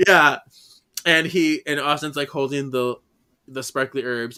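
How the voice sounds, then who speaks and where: A man co-hosting a casual podcast, recapping a book and acting out characters with sudden shouts and laughter. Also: on the high side, measured pace. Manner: animated, acts out characters with big shouts and laughs. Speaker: podcast co-host.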